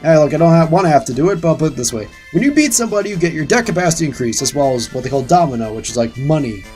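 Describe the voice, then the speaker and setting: A man's voice: fairly high pitch, animated, racing, a little mellow. Ranting sarcastic man with light music. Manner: sarcastic, ranting, swears freely. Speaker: gaming channel host. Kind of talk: casual let's-play commentary.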